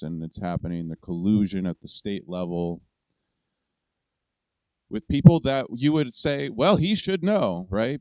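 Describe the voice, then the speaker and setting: A deep, smooth-voiced man rants about politics in a rambling, indignant way, cursing as he goes. His voice is close and dry, and the sound is a little dull and lo-fi. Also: darkish tone, no room sound. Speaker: political commentary host. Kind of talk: casual ranting commentary.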